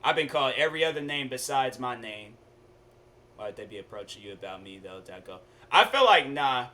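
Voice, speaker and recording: A young man streaming a game, chatting casually with viewers and telling stories in relaxed slang. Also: medium pitch, fairly quick. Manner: laid-back, chatty, storytelling with slang. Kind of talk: casual gaming stream chat.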